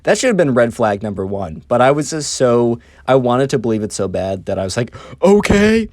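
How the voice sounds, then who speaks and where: Guy rambling through a storytime, laughing at himself, mid pitched voice, dry close sound. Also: lively intonation, brisk, a little mellow, no echo. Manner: chatty, self-mocking, lots of fillers like "right" and "anyways". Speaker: storytime narrator. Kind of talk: casual storytelling to camera.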